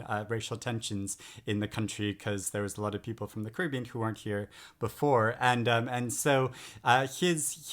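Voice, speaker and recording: A middle-aged man talking through new books in a casual vlog, enthusiastic and rambling with frequent hesitations. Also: mid-range voice. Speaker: book vlogger. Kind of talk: casual book-haul chat. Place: home in England.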